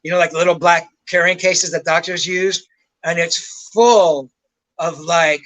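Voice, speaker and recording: An older man with a high-pitched voice tells stories as a guest on a show. He rambles, swears casually and chuckles at his own tales. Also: fairly even intonation, unhurried, a bit bright, rough recording. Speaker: rock journalist guest. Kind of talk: casual anecdotal storytelling.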